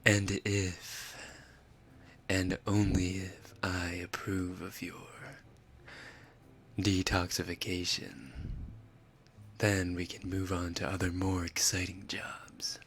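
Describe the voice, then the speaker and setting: Man doing a whispered role-play, weary male captain, curt orders, low voice, slow, hissy recording. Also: completely flat delivery, a bit bright, heavily acted. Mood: stern, dismissive. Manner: whispered, clipped and commanding.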